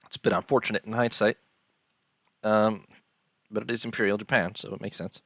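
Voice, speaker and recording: Low-voiced tired man listing game stats. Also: steady tone, creaky, fairly bright tone, no room sound, studio quality. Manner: unhurried, listing details with many ums and uhs. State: tired, yawning. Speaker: strategy game let's-player. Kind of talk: casual gameplay commentary.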